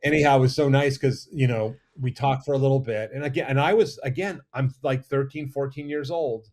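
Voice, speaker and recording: Brief: middle-aged male guest, mid-pitched, animated storyteller with frequent restarts. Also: brisk. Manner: animated, rambling anecdotes with restarts. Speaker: guest, makeup effects artist. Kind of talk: casual storytelling interview. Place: studio or lounge.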